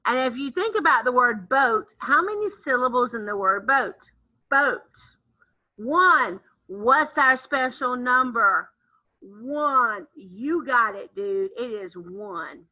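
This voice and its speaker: A woman music teacher leading an online lesson for young children, chanting syllables in an animated, sing-song voice. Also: a little high, slow, poor audio. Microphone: computer mic on a video call.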